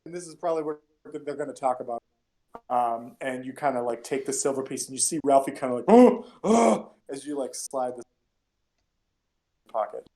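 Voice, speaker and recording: A man's voice: medium pitch, fairly even intonation, fairly quick, darkish tone. A man narrating as game master of a tabletop game, chatty and rambling with many fillers.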